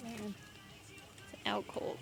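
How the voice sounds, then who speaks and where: A woman's voice: takes it slowly, over music. A woman off camera joining a casual unboxing video with short, playful, teasing remarks. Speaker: off-camera companion chiming in. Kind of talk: casual banter.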